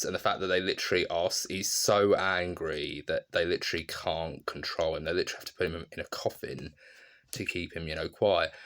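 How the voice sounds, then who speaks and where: A man with a very low voice talks through a film in a casual vlog review. He rambles enthusiastically, circling back and losing his train of thought. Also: a bit bright. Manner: rambling, enthusiastic, many fillers.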